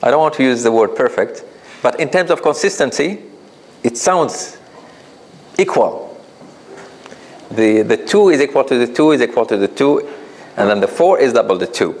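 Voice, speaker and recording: Guy teaching a recitation class, patient, asks the class stuff, drags out examples slowly. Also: mid-range voice, lively intonation, a little mellow, rough recording. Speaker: tajweed teacher. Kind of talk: live class explanation.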